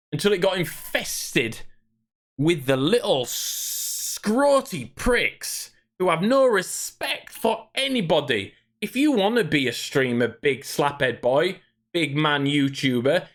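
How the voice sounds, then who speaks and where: In a fairly bright voice on the high side, a man airs an angry gaming rant on his livestream, cursing and speaking directly to his chat in an irritated way.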